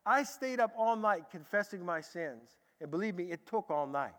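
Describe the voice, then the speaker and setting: Male preacher, very high and bright voice, animated storyteller, echoey large hall. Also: moderate pace. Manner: animated, acts out dialogue in a lively way. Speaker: preacher giving a testimony. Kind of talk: sermon storytelling.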